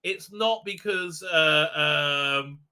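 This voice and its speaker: A male host recapping a TV episode on a live stream in heated, indignant casual talk, full of halting restarts. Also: a little high, bright, forceful tone, smooth. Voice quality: frequent filler sounds and restarts, heated, indignant. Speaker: show host.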